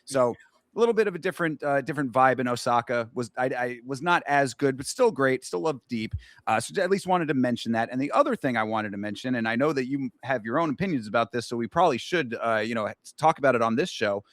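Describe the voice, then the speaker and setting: A man's voice: mid-range voice, lively intonation, quick pace, dry recording. A man co-hosting a casual sports talk show, easygoing and steering the conversation. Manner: easygoing, wrapping up and steering topics. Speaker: podcast co-host. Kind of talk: casual chat.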